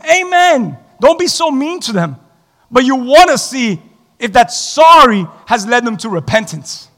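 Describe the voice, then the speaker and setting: A male pastor preaches with a strikingly high voice, moving between joking asides and shouted emphasis. His sermon rings out in a church sanctuary with a long, trailing reverb. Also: sing-song, normal speed.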